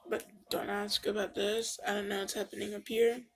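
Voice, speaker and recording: A woman's voice: medium pitch, level tone, moderate pace. A woman vlogging casually at home into her camera mic, rambling with lots of fillers and getting emotional. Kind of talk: casual confessional vlog. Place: home room.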